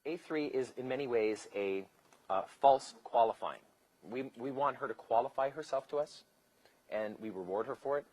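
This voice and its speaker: A man's voice: mid-range voice, moderate pace, darkish tone, low-quality recording. A man teaching a live seminar, loose and joking, acting out bits of dialogue and swearing casually. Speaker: seminar instructor. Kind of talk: live lecture with anecdotes.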